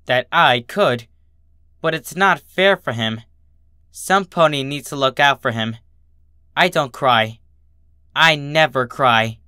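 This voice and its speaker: A man narrating a dark story in first person with a slow, halting delivery. His voice is bright and somewhat high, recorded close in a dry space. The reading sounds tense throughout. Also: smooth, no room sound. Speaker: fanfiction reader.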